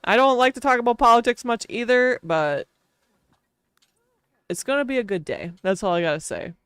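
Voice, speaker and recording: Young wisconsin girl streaming, rambly and giggly, kinda high voice, smooth and clean, dry close mic. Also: normal speed, a bit bright, dry recording. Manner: chatty, laughs often, rambling. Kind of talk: casual stream chat.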